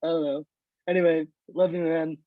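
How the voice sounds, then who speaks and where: A man's voice: fairly high pitch, flat delivery, no room sound. Rambling young man on a dull call. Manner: rambling, hurried, full of fillers. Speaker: friend giving a tribute. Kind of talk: casual video-call tribute.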